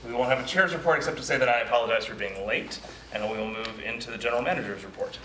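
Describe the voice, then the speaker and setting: Running a board meeting, this man sounds relaxed and a bit apologetic as he covers procedure. He talks very fast in a mid-range voice that is pushed and bright. Background noise is clearly audible in the echoey room.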